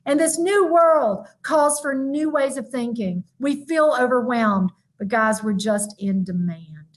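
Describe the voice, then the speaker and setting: A woman giving a lively, emphatic motivational keynote, talking straight to her audience. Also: high voice, unhurried, hardly any pauses. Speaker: motivational speaker. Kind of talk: virtual keynote talk.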